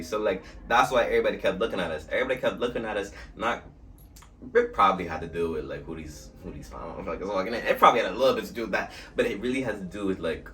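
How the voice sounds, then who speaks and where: A young man from New Jersey telling a story on his vlog in an animated, slangy way with swearing. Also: on the low side, racing. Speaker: vlogger. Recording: distant mic with faint music.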